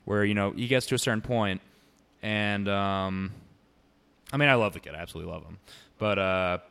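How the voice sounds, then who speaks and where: A young man in casual chat, ranting and swearing freely about a friend, getting loud and animated as he vents. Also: lowish voice, moderate pace, gravelly, clear, resonant tone.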